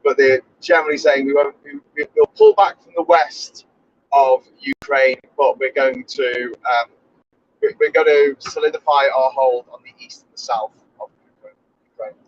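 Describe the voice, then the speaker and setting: A male podcast host with a medium-pitched, sing-song voice talks at a moderate pace in a casual chat. He rambles, shares strong opinions, and corrects himself along the way. The recording is dull and lo-fi.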